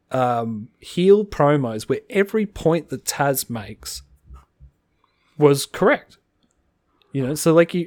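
A man co-hosting a podcast in casual chat, rambling quickly and laughing often. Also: fairly high pitch, no room sound, clean studio sound. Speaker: podcast co-host.

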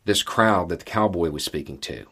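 A man with a very deep, husky voice talks through the news in a folksy, conversational way. He leans on repeated phrases for emphasis and keeps an easygoing commentator's tone. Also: animated, normal speed, fairly bright tone. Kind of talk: casual political commentary.

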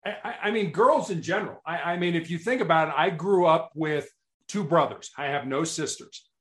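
A man's voice: a little high, fairly quick. A middle-aged man from Chicago, a motivational speaker telling stories as a podcast guest and acting out the lines he quotes. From Chicago, United States. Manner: animated storyteller, acts out quotes. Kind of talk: storytelling interview talk.

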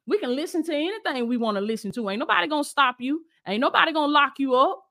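A woman's voice: high voice, animated, fast, pushed and bright. A woman preaching to her online audience, emphatic and repetitive, calling listeners to stand firm. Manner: emphatic, repeats rallying calls, speaks to listeners directly. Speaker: Christian lifestyle coach and preacher.

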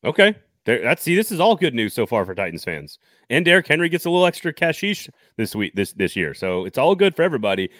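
A man's voice: mid-range voice, very animated, fairly bright tone, dry recording. Jokey man reading sponsor spots. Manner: jokey, laughs often, fast sponsor patter. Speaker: podcast co-host. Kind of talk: casual sports talk with live ad reads.

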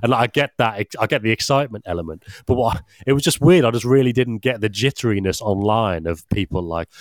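A man's voice: medium pitch, animated, fast talker, hardly any pauses, no room sound, clean studio sound. A young man, telling a rambling story in casual podcast chat and swearing casually. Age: young adult. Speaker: podcast regular.

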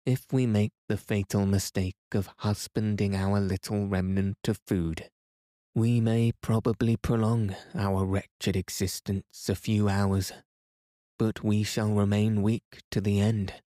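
A man reading the lines of a stern, unshakable old professor uncle in a firm, measured, lecturing way. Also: fairly low pitch, little pitch movement, dark tone, dry recording, clean studio sound. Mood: resolute.

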